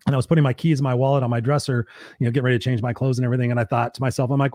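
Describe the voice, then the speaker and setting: A man's voice: mid-range voice, fairly even intonation, racing, darkish tone, no echo, studio quality. A man hosting a podcast interview, affirming his guest and telling a personal anecdote. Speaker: podcast host.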